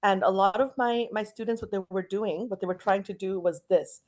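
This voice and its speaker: A middle-aged woman from Canada teaching an online English class, chatty and stretching out words and pauses to model intonation. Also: mid-range voice, a little mellow, low-quality recording.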